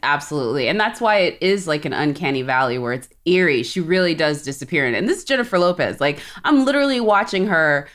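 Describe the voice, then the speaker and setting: A woman from South Texas co-hosts a film chat with an unusually low voice for a woman. She talks with enthusiasm and strong opinions and laughs often between points. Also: sing-song, fast, few pauses, fairly bright tone. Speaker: co-host. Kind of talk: casual chat.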